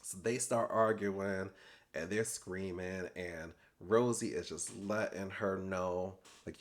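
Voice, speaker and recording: Sassy, animated man recapping reality TV. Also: low voice, slow. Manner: animated and sassy, quotes people with slangy asides. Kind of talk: casual recap commentary.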